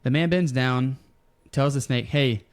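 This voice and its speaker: Male podcast host, relaxed storyteller, everyday mid voice. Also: mid-range voice, moderate pace. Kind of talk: casual wrestling podcast chat.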